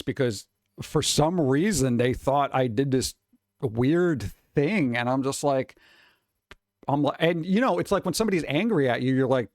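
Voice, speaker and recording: A man's voice: medium pitch, animated, normal speed, no echo, clean studio sound. A man in his forties, a streamer rambling casually and answering chat, swearing and chuckling often.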